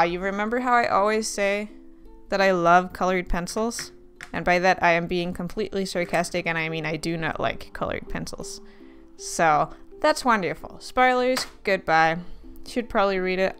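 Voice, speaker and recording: A young woman talks through an unboxing in a chatty, playful way, tossing in dry sarcastic asides. Her voice sits at an ordinary middle pitch for a woman. Soft guitar music plays faintly underneath. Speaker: art supply unboxing vlogger. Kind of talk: casual unboxing chat.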